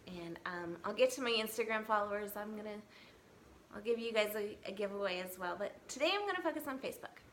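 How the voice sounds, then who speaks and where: A woman's voice: medium pitch, expressive, fast talker, fairly bright tone, slight background noise. A woman in her thirties talking casually to her camera in an earnest, chatty way, with many fillers and restarts. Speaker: equine massage therapist vlogger. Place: home, California. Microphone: camera mic.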